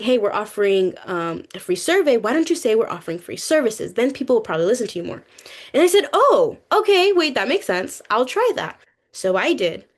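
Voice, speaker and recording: A young woman giving a lively personal testimony to a youth group, talkative and acting out what people said. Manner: animated, talkative, acts out quotes with rising pitch.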